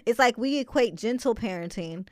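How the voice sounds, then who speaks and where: A woman's voice: a little high, expressive, normal speed, a little mellow. Thoughtful woman hosting an interview. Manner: thoughtful, reflective, frequent ums. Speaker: podcast host. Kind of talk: casual interview.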